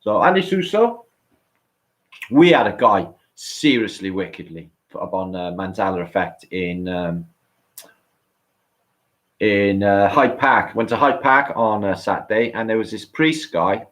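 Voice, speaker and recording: A man with a very deep voice and a British accent rambles through a casual livestream chat. He swears freely and keeps restarting his sentences. He sounds excitable throughout. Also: a little slow. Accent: British English. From England. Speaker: online show co-host.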